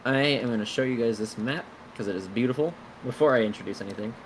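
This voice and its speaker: A man's voice: medium pitch, fast, slight background noise, poor audio. A man running a tabletop game as game master, bantering casually and laughing often.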